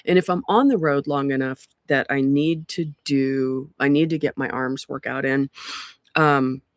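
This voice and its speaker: Rumbling low and steady, a woman speaks a little slowly, with clean studio sound and no room tone. She's a community group host on a laptop-mic livestream from a porch among pines, chatty and rambling, with lots of ums and fresh starts.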